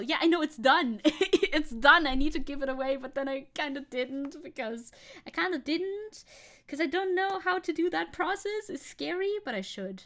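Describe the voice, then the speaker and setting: A young woman chatting on a live stream, rambling from one thought to the next with frequent giggles. Her voice sits a little high, and she reads chat messages aloud as she goes. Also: expressive, normal speed, fairly bright tone. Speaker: VTuber streamer.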